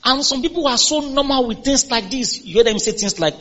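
High-voiced husky preacher delivering a sermon. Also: male voice, lively intonation, a little fast, fairly bright tone, lo-fi sound. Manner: emphatic, call-and-response with congregation. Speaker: pastor.

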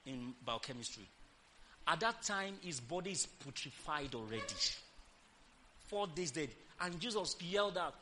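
Animated preacher man, bright high voice. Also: slight background noise. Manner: animated, swings from low asides to shouted declarations; leads congregation in call-and-response declarations. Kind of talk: sermon.

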